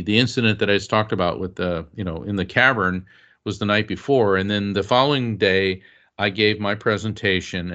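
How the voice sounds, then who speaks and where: A man's voice: low voice, a bit bright. A man, a psychic medium and author, telling a personal story as an interview guest, earnest and emotional, acting out the lines of people in his story. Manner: earnest, emotional storyteller who acts out quotes.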